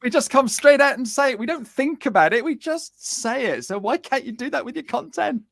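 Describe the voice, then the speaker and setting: A middle-aged man, a guest chatting casually on a podcast and telling cheeky, animated stories. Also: extremely high pitch, brisk, creaky, no room sound. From England. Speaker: guest, business coach.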